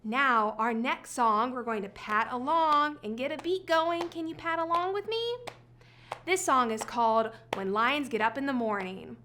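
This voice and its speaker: A woman's voice: high voice, measured pace, pushed and bright, a little hiss or hum. A woman librarian leading a preschool story time, singing along cheerfully with the kids.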